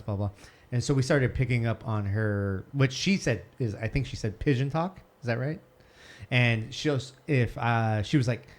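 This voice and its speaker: よく笑う中くらいの声の男性. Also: male voice, medium pitch. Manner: laughs often, rambling anecdotes. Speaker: podcast co-host. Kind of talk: casual podcast chat.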